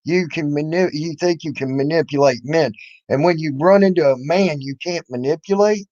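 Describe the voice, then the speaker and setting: Guy with a kinda high voice going off in a sweary mocking rant, muffled lo-fi audio. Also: normal speed, a little mellow, no room sound. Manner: confrontational, mocking, swears a lot. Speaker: YouTube commentator. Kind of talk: angry profane rant. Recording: dull lo-fi recording.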